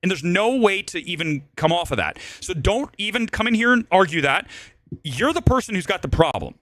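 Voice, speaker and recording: Blunt, animated man ranting on a livestream. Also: sits high, brisk, no echo. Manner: blunt, emphatic, repeats points. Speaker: host. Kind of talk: livestream commentary rant.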